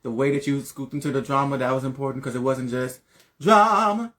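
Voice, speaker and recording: A man's voice: medium pitch, fairly quick. Easygoing man explaining vocal production. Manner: loose, relaxed, talks in stops and restarts. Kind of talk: casual explanatory chat.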